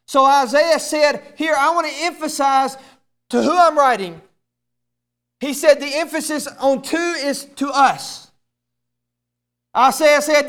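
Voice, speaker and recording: Preaching slowly in a very high voice, a male pastor frequently stammers and repeats words as he restarts sentences. His sermon climbs into emphatic, raised passages that become shouts.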